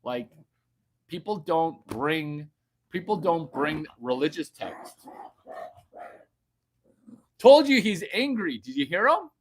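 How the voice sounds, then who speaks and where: A man delivering a rambling, crude comedic rant, jumping from loud bursts to hushed baby talk. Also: fairly high pitch, sing-song, slow, pauses often, husky. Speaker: vlogger.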